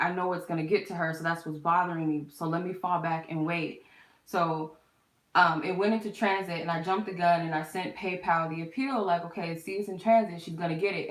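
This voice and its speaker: Candid tarot reader, low echoey voice. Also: female voice. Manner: candid, swearing, loose storytelling. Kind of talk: casual spiritual storytime. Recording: echoey room.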